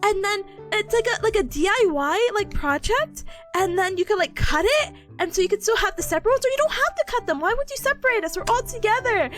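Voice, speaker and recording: Young woman VTuber, very high lively voice, giggly, faint music behind. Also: fast. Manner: giggly, bubbly, talks with a smile. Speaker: VTuber streamer. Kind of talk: casual chat reading stream chat.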